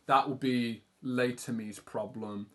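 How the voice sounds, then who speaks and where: A man's voice: medium pitch, steady tone, slow pace, a bit bright. A young man with an English accent, chatting casually and rambling on a livestream while he draws, self-deprecating and swearing now and then. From England. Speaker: art streamer.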